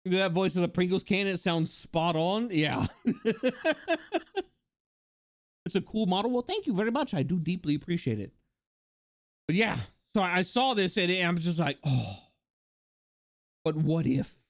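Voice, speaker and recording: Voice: medium pitch, animated, normal speed, pauses often. A livestreamer in casual chat, rambling and joking with many fillers and laughs.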